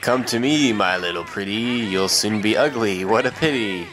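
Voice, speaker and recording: A man's voice: lowish voice, normal speed, natural voice, rough recording. A man voicing an evil old female witch who taunts in sing-song rhymes, over game music. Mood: gloating.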